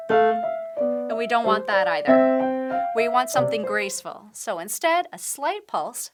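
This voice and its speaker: A woman piano teacher giving a patient, step-by-step tutorial, explaining techniques while she demonstrates at the keyboard. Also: on the high side. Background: piano playing.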